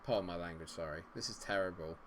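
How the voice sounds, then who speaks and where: A man giving running commentary as a streamer, exasperated and muttering, with loud outbursts. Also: deep voice, quick pace, a little hiss or hum. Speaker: gaming streamer. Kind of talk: live game commentary.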